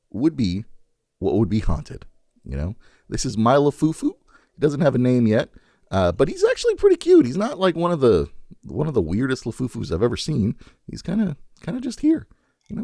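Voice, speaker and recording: Casting: gravelly man, swooping lively delivery, casual podcast co-host, dry close sound. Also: medium pitch, moderate pace, no room sound. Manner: rambling, laughs often. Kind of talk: casual chat.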